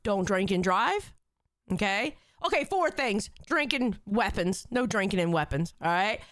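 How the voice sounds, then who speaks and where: A woman hosting a live stream, chatting casually in an animated way, swearing often and breaking into loud outbursts. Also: mid-range voice, a little slow, no room sound, studio quality. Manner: animated, swearing, bursts into shouting. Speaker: livestream host. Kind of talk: casual livestream chat.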